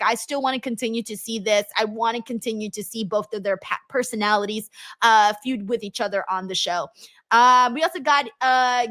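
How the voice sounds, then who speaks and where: A woman in her thirties hosts a casual live stream, chatting loosely and reading viewer comments aloud with frequent ums. Her voice sits a little high and sounds clear and bright. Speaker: host reading live chat.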